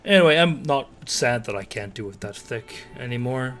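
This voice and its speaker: A man's voice: medium pitch, animated, normal speed, fairly bright tone. A man with a Dutch accent, a native Dutch speaker, chatting casually on a live stream in rambling talk full of fillers and restarts. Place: home streaming setup.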